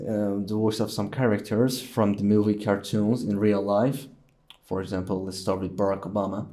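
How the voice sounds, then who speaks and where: A young man from Iran answers interview questions in English, playful and often hesitant as he searches for words. His voice is low and mellow. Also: level tone, normal speed. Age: young adult. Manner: playful, hesitant, lots of fillers. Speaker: guest. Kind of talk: casual interview chat.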